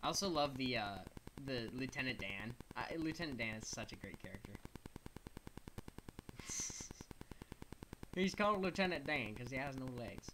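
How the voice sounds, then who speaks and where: A gaming YouTuber giving rambling, casual let's-play commentary, reacting excitedly and reading chat. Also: medium pitch, moderate pace, long pauses, background noise. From United States.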